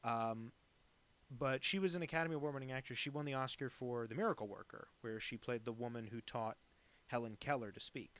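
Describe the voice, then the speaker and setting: A cartoonist live-streams himself drawing viewer requests, talking a little fast in a mid-range voice with a fairly bright tone. His casual chat rambles from one aside to the next, packed with fillers and frequent self-deprecating jokes.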